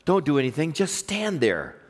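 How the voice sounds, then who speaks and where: A man preaching a sermon, swinging between emphatic, raised exhortation and quiet personal storytelling. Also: a little high, huge pitch swings, normal speed. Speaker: pastor.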